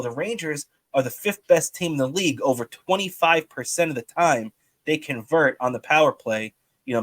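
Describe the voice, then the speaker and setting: A man's voice: medium pitch, dry recording. Man, podcast co-host, mid-range voice, rambling delivery, dry close sound. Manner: rambling, many restarts and fillers. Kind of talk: casual sports talk.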